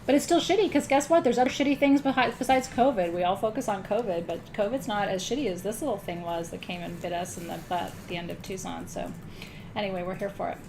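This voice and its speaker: A woman's voice: mid-range voice, quick pace, a little mellow, slight background noise. A middle-aged woman hosting a live-streamed spiritual ceremony, chatting casually, joking about herself and swearing lightly. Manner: joking, self-mocking, swears casually, laughs often. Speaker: host of an online spiritual ceremony.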